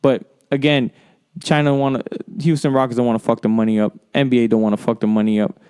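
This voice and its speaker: A man's voice: medium pitch, level tone, quick pace, darkish tone, clear, resonant tone. A man hosting a solo sports podcast, ranting in a rambling, profane and heated way. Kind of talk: solo sports commentary rant.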